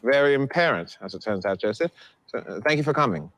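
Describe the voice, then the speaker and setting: An actor playing a polite television host in a comedy sketch, awkwardly trying to steer a guest back on track. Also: male voice, medium pitch, lively intonation, fast talker, fairly bright tone. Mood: strained polite. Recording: played clip from a comedy sketch with faint noise.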